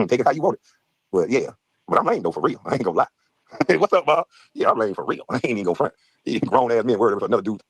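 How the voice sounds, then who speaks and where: A man tears through a heated rant at a rapid clip, mocking and trash-talking, laughing between jabs. His voice is husky and swings widely in pitch. The recording is dry and close. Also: sing-song, no echo. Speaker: guest streamer. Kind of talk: heated ranting chat.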